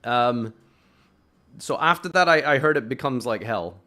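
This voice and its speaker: Young british guy streaming, chatty and sarcastic, swears a lot, middle pitch. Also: animated, measured pace, pushed and bright. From United Kingdom. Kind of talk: casual chat with chat while playing.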